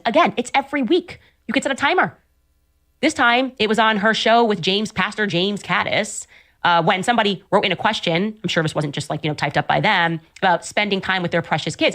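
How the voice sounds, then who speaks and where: A woman's voice: fairly low pitch, a bit bright. A woman hosting an opinionated commentary show, talking in a sarcastic, combative way. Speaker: host.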